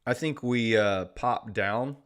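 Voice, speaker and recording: Joking livestream host, low voice. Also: male voice, takes it slowly, fairly bright tone, clean tone. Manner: joking, sarcastic, reads chat aloud. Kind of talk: casual live-stream chat with viewers.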